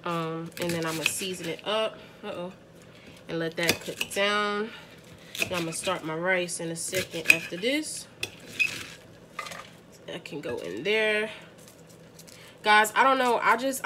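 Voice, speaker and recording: A woman's voice: medium pitch, noisy background. Chatty young woman from the Bronx. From the Bronx, New York. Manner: chatty, laughs often, talks to viewers directly. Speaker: family vlogger cooking dinner. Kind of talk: casual cooking vlog chat. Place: home kitchen.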